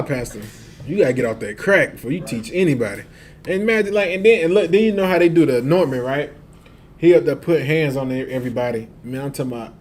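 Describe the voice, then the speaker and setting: A man telling a long street story in casual slang, laughing often and acting out the other voices. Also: mid-range voice.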